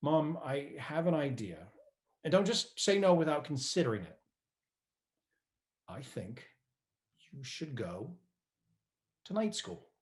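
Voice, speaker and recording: A man's voice: a little high, very animated, slow, long pauses. A middle-aged actor playing a divorced son who tells a wry, patient story about caring for his mother on stage. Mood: coaxing. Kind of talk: stage monologue.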